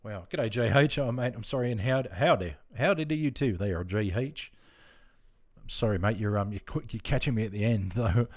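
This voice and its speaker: A relaxed Australian man talks loosely to his live chat while he plays. His voice sits fairly low, and he rambles from one thought to the next with plenty of fillers. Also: moderate pace. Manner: rambling, laid-back, chatting with viewers. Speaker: game streamer. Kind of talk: casual live-stream chat.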